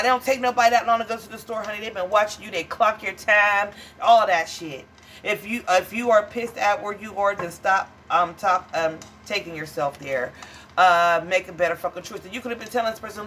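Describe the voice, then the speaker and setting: A woman's voice: medium pitch, fairly quick, noisy background. A woman giving a casual tarot reading to viewers, blunt, profane and dramatic, calling them honey and child. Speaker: tarot reader.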